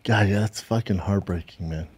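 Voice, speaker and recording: A man co-hosting a podcast in quick, profane casual banter. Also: fairly low pitch, a little mellow, slightly rough. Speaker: podcast co-host. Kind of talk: casual chat.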